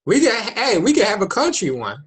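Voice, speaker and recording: A man's voice: high voice, wildly swooping pitch, a little fast, crowd noise. A man co-hosting a casual chat, laid-back and persuasive. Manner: laid-back, persuasive, keeps saying "hey, look". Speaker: co-host.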